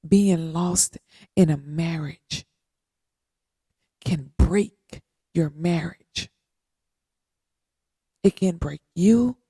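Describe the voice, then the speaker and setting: A woman in her thirties hosts a heartfelt, faith-based podcast talk, unhurried and earnest, repeating her points with long pauses. Her voice is low, dark and gravelly with some vocal fry. The sound is dry and close, with no room around it. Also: no echo. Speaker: podcast host.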